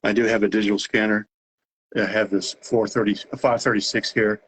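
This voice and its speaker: Laid-back Texan host, slightly nasal, lower voice, loose live-stream talk. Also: male voice, moderate pace, slight background noise, poor audio. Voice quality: a little nasal. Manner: relaxed, rambling, with fillers and restarts. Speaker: host of a live radio-monitoring Q&A. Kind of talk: casual live chat.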